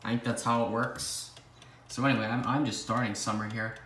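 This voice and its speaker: A man's voice: mid-range voice, level tone, brisk, bright, forceful tone. Rambling young man in an echoey room. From Canada. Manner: rambling, self-deprecating, talks to himself. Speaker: clock collector host. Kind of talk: casual vlog commentary. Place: indoor room with ticking clocks. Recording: roomy echo, faint background noise.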